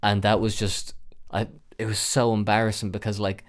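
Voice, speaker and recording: Hosting his podcast, a man in his twenties rambles through a wild personal story with lots of fillers and swearing, getting loud and animated whenever it turns tense. His voice is on the low side, at a moderate pace.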